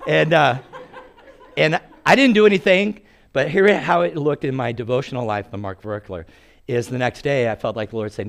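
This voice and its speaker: A man's voice: medium pitch, normal speed, gravelly. A man in his sixties preaching a sermon in a storytelling way, acting out quotes and laughing at his own stories.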